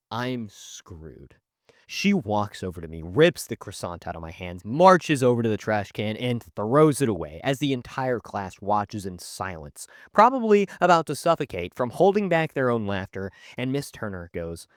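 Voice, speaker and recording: Lively man telling a story. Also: mid-range voice, normal speed, no room sound, clean studio sound. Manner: animated, conversational, wry. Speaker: storytelling youtuber. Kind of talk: animated storytime narration.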